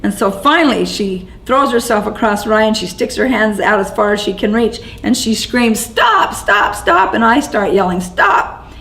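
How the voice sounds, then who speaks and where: Interviewee, woman, mid-pitched with gravelly fry; halting, shaken eyewitness telling, lots of restarts. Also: fairly bright tone, rough recording. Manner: halting and shaken, with frequent restarts and repeated words. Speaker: interviewee recounting events as an eyewitness. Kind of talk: first-person eyewitness account.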